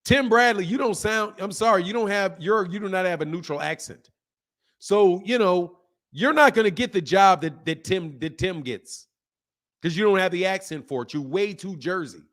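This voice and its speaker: This boxing channel host has a high, slightly bright voice and speaks at a normal speed. Heated and foul-mouthed, he keeps repeating his points to viewers and reads out the comments they leave.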